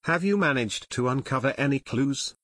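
A man's voice: medium pitch, expressive, moderate pace, fairly bright tone, no room sound. A man voicing a concerned middle-aged company owner who speaks in an earnest, businesslike way.

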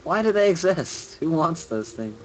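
A man's voice: fairly high pitch, very animated, moderate pace, darkish tone, faint music behind, rough recording. Rambling young man hosting a stream. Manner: rambling, profane, full of fillers. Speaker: streamer host. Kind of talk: casual chat.

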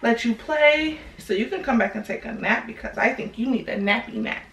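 A woman's voice: fairly high pitch, fairly quick, gravelly, fairly bright tone. A young woman, a mother and family vlogger, gushing at her daughter in playful, teasing baby talk at home. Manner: gushing, sing-song, teasing. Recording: echoey room, camera at a distance.

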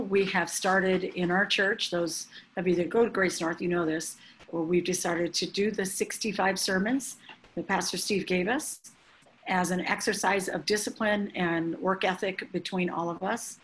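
A woman's voice: on the low side, a little hiss or hum, low-quality recording. Gushing woman hosting a church call. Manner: gushing, excited. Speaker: church leader hosting the class. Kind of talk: enthusiastic informal hosting on a call.

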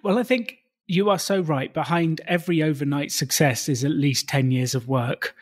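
A man's voice: a little high, normal speed. A man co-hosting a podcast as a coach, asking friendly questions and laughing along. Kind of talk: casual podcast chat.

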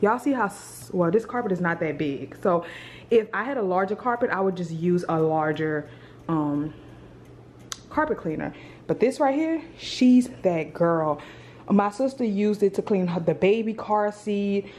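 A woman's voice: medium pitch, moderate pace, a little mellow, slight background noise. A young woman chatting casually to her camera at home, calling her viewers "girl" and "y'all". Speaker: vlogger. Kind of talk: casual vlog chat to camera. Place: at home in an apartment. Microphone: camera on a tripod.

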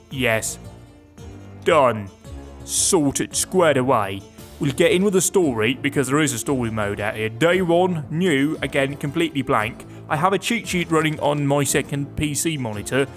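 A man's voice: fairly high pitch, a bit bright. A man giving casual, joking commentary as he plays a video game at his computer. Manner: chatty and joking, talking to himself while playing. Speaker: gaming video host. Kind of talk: casual let's-play commentary.

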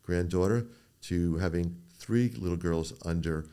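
A man's voice: sits low, a little slow, clean tone. An older man, a doctor being interviewed on a podcast, telling stories and acting out the people in them. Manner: storytelling, quotes people in animated voices. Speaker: neuro-oncologist guest.

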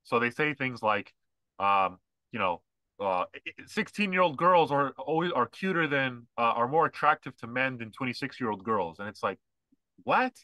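A man's voice: mid-range voice, lively intonation, normal speed, bright, forceful tone, no echo. A man co-hosting a podcast, ranting in casual, mocking chat with lots of fillers. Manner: ranting, mocking, mimics others. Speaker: podcast co-host.

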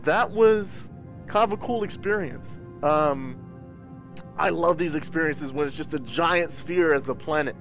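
A man hosting a livestream, giving casual game commentary in an excitable, goofy way and thinking aloud. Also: on the high side, a little slow, lo-fi sound, faint music behind. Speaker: livestream host.

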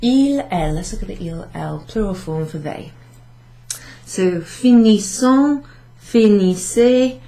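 A woman's voice: lowish voice, expressive, normal speed, vocal fry, dark tone. A woman French teacher from Wales giving a casual, chatty summary lesson for beginners, self-correcting as she writes on a board. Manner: chatty, self-correcting, switching between French and English, light laughs. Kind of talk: recorded class summary lesson.

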